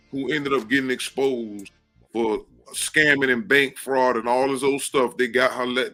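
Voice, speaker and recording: A man's voice: mid-range voice, sharp tone. A man from Florida with a Southern accent, speaking emphatically and at length on an online panel. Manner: emphatic, rambling, repeats "you understand".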